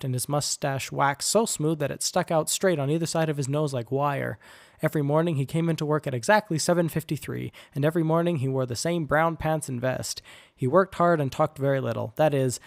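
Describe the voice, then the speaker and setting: Guy reading an audiobook chapter, even storyteller voice, dry close sound. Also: a little high, creaky, dry recording. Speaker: narrator. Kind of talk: audiobook narration.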